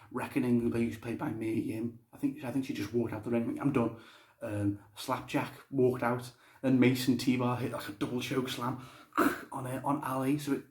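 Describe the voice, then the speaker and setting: A man's voice: medium pitch, a little mellow. A young man giving a casual, blunt spoken review, swearing freely. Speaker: wrestling show reviewer. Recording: roomy echo.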